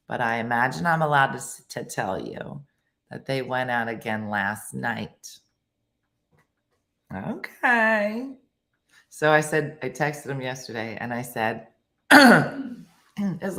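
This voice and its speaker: A middle-aged woman hosting a casual morning show with a hoarse voice and a lingering cough, who chats in a rambling, self-mocking way and laughs often. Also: extremely low pitch, fairly bright tone. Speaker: host. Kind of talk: casual morning show chat, reading viewer comments.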